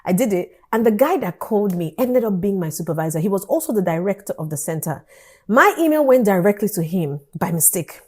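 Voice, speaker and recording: A woman, telling a personal story in an animated vlog style and acting out the dialogue. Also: mid-range voice, brisk. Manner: animated storytelling, acts out dialogue, laughs often. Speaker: vlogger.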